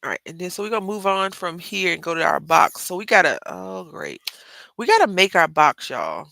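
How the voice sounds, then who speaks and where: Lively Southern woman, gravelly and bright. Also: lowish voice, a little fast, dry recording. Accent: Southern US, Texas. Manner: chatty, rambling asides, says "y'all" often. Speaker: craft livestream host. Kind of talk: casual live craft tutorial.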